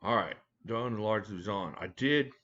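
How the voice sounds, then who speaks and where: A low-voiced man with a drawl chats loosely on a home live stream, greeting viewers by name and cracking jokes. The audio is a bit dull and lo-fi. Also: measured pace, fairly bright tone. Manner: chatty, joking, talks to viewers by name. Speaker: live stream host reviewing knives. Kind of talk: casual live chat reading viewer comments. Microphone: desk mic at a home setup.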